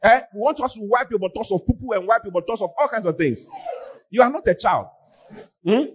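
A man preaching a sermon as pastor, often mimicking his congregants in an animated way. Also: high-pitched, fairly quick, breathy edge.

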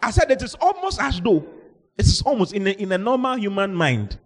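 A male pastor preaching a lively sermon, reading scripture and acting out the people in it, sometimes shouting. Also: high-pitched, brisk. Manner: animated, shouting out and acting out Bible characters.

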